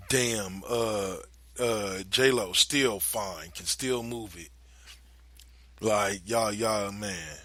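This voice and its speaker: A man talks through a podcast in a loose, animated way, with laughing asides and plenty of profanity. His voice is bright and forceful. The sound is dry and close. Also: mid-range voice, dry recording. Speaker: podcast host. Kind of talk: casual commentary.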